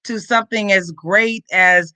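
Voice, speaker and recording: A man's voice: high voice, measured pace, clear, resonant tone, dry recording. A man co-presenting, explaining a customer service process step by step. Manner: steady explanatory, lists steps. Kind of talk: business explanation.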